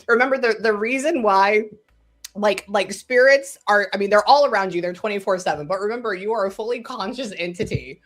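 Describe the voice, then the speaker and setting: A middle-aged woman, a psychic medium, telling stories in a casual interview, animated and quick to laugh, swinging between excited bursts and hushed asides. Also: medium pitch, faint music behind. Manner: laughs often, swears when worked up.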